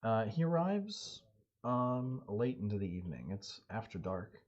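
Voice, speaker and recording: A man running and narrating a solo tabletop game on stream, telling the story in a relaxed, halting way. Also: on the low side. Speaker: game master and solo player. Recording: dull lo-fi audio.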